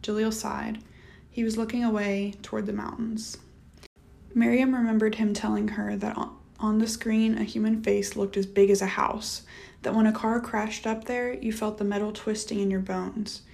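A woman narrating an audiobook novel in a measured, steady reading. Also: medium pitch, vocal fry. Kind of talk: scripted narration.

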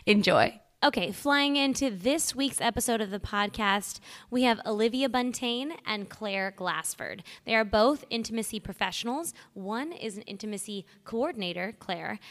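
A young woman hosts a podcast in a chatty, upbeat, candid way. Her voice has a slight morning roughness, and she swears casually as she talks. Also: mid-range voice, fairly bright tone. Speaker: podcast host. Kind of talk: casual podcast monologue and interview.

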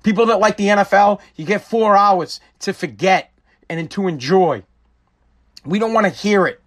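A man's voice: high voice, normal speed. A man hosting a casual live-stream talk show, rambling and joking with frequent swearing. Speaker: show host.

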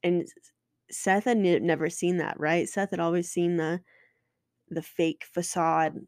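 A woman's voice: lowish voice, steady tone, moderate pace, no room sound, studio quality. A woman in her twenties, a podcast host telling a personal story candidly and emotionally, swearing and restarting often.

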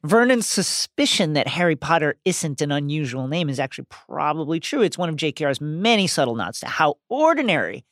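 A woman's voice: sits low, big pitch swings, fairly quick, hardly any pauses, a bit bright, dry recording, studio quality. A woman co-hosting a podcast, thoughtful and playful in a casual book discussion. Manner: thoughtful, playful, reads passages aloud. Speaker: podcast co-host.

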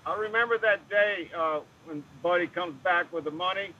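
A fairly high, bright-voiced man recalls a shared memory in an easy, relaxed way. His voice is slightly husky and comes through a muffled mic from some distance. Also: normal speed. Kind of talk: casual reminiscing chat.

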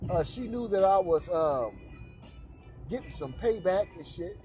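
A man's voice: high-pitched, expressive, a little slow, dark tone, soft background music. A man hosting a podcast, telling a crude anecdote in a profane, slangy way with lots of repeated filler tags. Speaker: podcast host.

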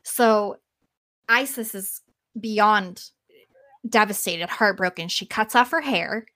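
Casting: casual, lively woman storyteller, middle pitch, dry studio sound. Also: slow, no echo. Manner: lively, casual swearing, acts out quotes. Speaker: podcast host.

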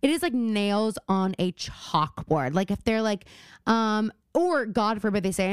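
Young woman podcast cohost, super animated, swears a lot, smooth clear voice, dry sound. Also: medium pitch, a little slow, no echo. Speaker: podcast co-host. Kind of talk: casual chat.

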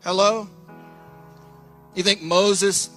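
Fiery preacher, high and bright. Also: male voice, extremely slow, soft background music. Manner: fiery, animated, keeps calling "Hello?" to the crowd. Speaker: preacher and co-host. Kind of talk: fiery live sermon. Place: church hall in Florida.

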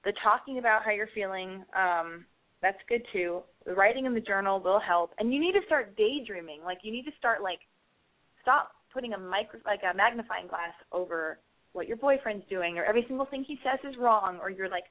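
A woman's voice: mid-range voice, fairly quick. A woman hosting a casual advice call, giving a rambling, profane, emphatic pep talk. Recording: tinny phone-line sound.

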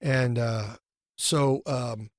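A middle-aged man, a guest, telling animated anecdotes in a casual interview. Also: medium pitch, very slow, no room sound, studio quality. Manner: animated, acts out the people in his anecdotes.

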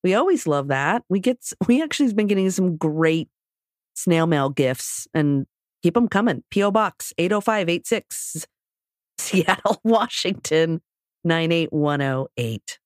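A woman's voice: lowish voice, lively intonation, a little slow, dry recording, clean studio sound. A woman co-hosting a podcast, giving a playful, giggly outro. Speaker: podcast co-host. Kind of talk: casual outro with a put-on accent.

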